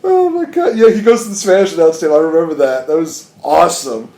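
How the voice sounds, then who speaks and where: A man's voice: fairly high pitch, animated, quick pace, dark tone, roomy sound. A man hosting a podcast, telling stories casually and animatedly, laughing often. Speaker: podcast host. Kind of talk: casual chat.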